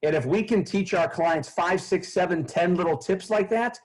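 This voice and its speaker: A man with a husky, somewhat high voice talks in an animated, energetic way. He explains his ideas confidently to an interviewer. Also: normal speed, rough recording. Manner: animated, acts out phone calls in a bright raised voice. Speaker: sales trainer, guest.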